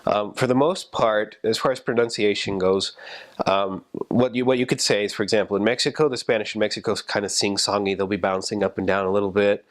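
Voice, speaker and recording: A man talking casually about language, explaining in a relaxed way with fillers. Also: fairly low pitch, a little fast.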